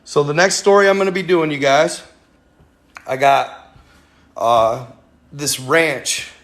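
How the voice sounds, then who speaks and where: A man's voice: on the high side, expressive, slow, a bit bright. A man hosting a casual livestream, rambling with many fillers and talking straight to his viewers. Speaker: livestream host.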